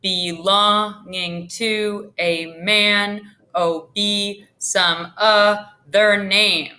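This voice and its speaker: A woman's voice: mid-range voice, steady tone, a little slow, sharp tone. A woman teacher reading the lines of a young lovestruck girl who pleads from a balcony, reciting the verse with rising emphasis. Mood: pleading.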